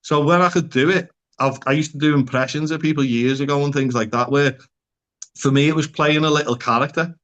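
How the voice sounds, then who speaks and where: A man's voice: on the high side, fairly even intonation, fairly quick, a bit bright, muffled recording. A man speaking as a psychotherapist guest in a casual podcast conversation, talking frankly and bluntly, swearing freely and using local slang.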